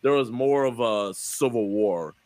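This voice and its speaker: A man's voice: mid-range voice, measured pace, crowd noise. A man co-hosting a casual podcast, explaining at length with loose slang, cursing and laughs.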